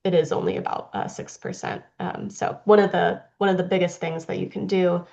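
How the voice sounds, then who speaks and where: A woman's voice: fairly low pitch, flat delivery, fairly quick, vocal fry, warm tone, dull audio. A woman presenting on a video call, answering questions with many fillers and restarts. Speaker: guest presenter.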